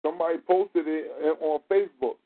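A man's voice: on the high side, normal speed. A man in casual storytelling chat, with a loose, profane, laughing manner. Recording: tinny phone-like audio.

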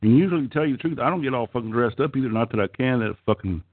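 A man's voice: medium pitch, lively intonation, very fast, no echo. A middle-aged man with an Okie accent hosting a casual call-in chat, crude, profane and rambling. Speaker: call-in show host. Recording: tinny phone-like call line.

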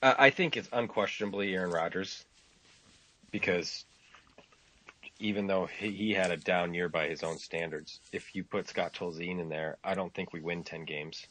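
Man, co-host, casual sports chat, measured, very low voice, husky. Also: bright, forceful tone. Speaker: podcast co-host.

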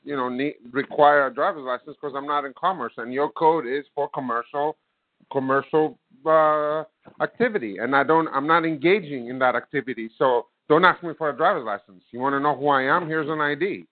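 A man's voice: a little high, a little fast, dry recording. A man in his fifties, calling in, who tells a story with many fillers and plays both sides of the conversation. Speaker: caller. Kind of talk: casual storytelling. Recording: dry phone-line audio.

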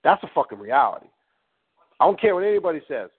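A man's voice: on the high side, big pitch swings, fast talker, breathy edge. Blunt swearing man on a tinny line. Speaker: host. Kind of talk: profane teaching talk.

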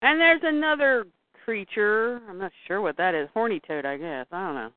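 A woman's voice: mid-range voice, normal speed. A woman host animatedly recapping a comic and reading parts aloud in a casual chat. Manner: animated, exclaims at scenes. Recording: dry, tinny phone-like sound.

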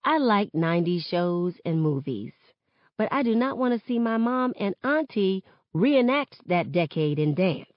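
A woman reading a novel aloud in steady first-person narration, on a dull lo-fi recording. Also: mid-range voice, unhurried, no echo. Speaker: reader.

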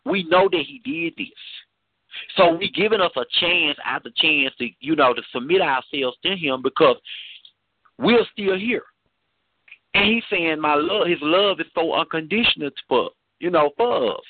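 A man's voice: fairly high pitch, lively intonation, moderate pace, dry recording. A man preaching fervently to a phone chat line, repeating and restarting his phrases, heard over a tinny phone connection. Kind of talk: informal preaching testimony.

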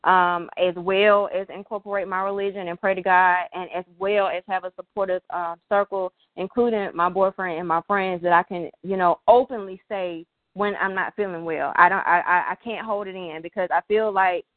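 A woman's voice: on the low side, fairly even intonation, no room sound. Emotional young woman, tinny and dry. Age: 20s. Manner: heartfelt, halting, many fillers. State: tearful, emotional. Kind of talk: emotional personal talk.

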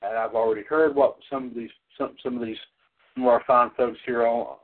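A man hosting a wrestling call-in podcast, rambling with many restarts and repeated "ladies and gentlemen". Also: medium pitch, steady tone, a little fast. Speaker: podcast host. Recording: tinny phone-line audio.

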